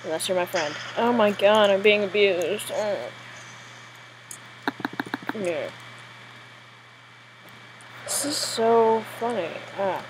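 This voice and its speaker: Woman gamer, live play commentary, jumpy and giggly, mid-pitched voice, faint hiss behind. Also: takes it slowly, long pauses, poor audio. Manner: excitable, jittery, giggly.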